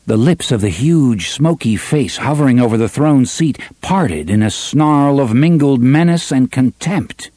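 An audiobook narrator reads a novel in scripted, dramatic fashion, speeding up and slowing down for effect. His husky, mid-pitched voice has a lively melodic range, and the recording is dry and close with no room sound.

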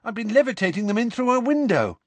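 A man's voice: very high voice, very animated, fast talker, no echo, pitched above the performer's own voice, full character voice. A man voicing a cheeky teenage schoolboy prankster who talks sheepishly and chattily.

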